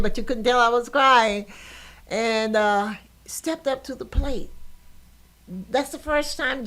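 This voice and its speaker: An older woman hosting a podcast, telling a personal story with emotion and laughter. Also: fairly high pitch. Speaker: podcast host.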